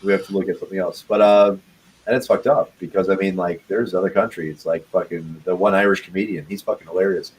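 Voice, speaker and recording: A man's voice: sits low, steady tone, fast talker, slight background noise, low-quality recording. A young man chatting casually as a podcast host, rambling and swearing often with frequent laughs. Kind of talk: casual chat.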